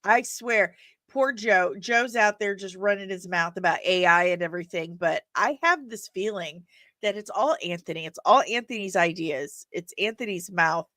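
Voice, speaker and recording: A chatty woman hosts a live nerd news stream from home, bouncing between topics and talking straight to her viewers. Her voice sits at an everyday pitch, and it is recorded dry and close with no room sound. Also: normal speed, dry recording. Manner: chatty, animated, laughs often, talks to the chat. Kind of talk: casual live-stream chat.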